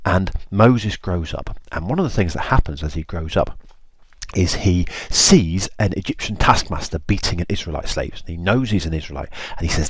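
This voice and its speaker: A man's voice: deep voice, a little fast, slightly rough, no room sound. A man teaching a lesson, retelling a Bible story in an informal, chatty way.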